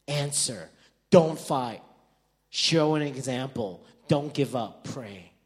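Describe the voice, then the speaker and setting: A man preaching a sermon as a pastor, telling a story with humor and moving between loud jokes and quiet, earnest moments. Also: mid-range voice, animated, takes it slowly.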